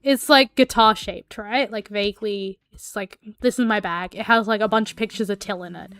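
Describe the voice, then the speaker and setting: A woman's voice: medium pitch, normal speed, a bit bright, smooth, dry recording, studio quality. A woman streamer telling a story casually while she draws, rambling with lots of fillers and swearing.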